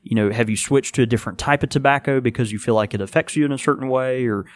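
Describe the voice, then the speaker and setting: Male podcast co-host, mid-pitched, hesitant delivery full of ums and restarts. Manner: halting, many fillers and restarts. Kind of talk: casual podcast chat.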